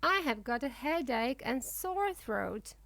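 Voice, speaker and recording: A woman's voice: high voice, sing-song, slow pace, creaky, no room sound, exaggerated voice. A woman doing Dragon, a sick, sad young ostrich. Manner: quiet, sad. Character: young ostrich girl with a cold.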